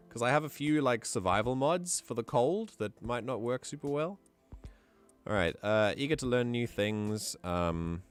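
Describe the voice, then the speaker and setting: A man's voice: mid-range voice, a bit bright. A man streaming, chatting casually and thinking aloud as he plans out a game character. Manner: musing aloud, easygoing. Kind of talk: casual livestream chat.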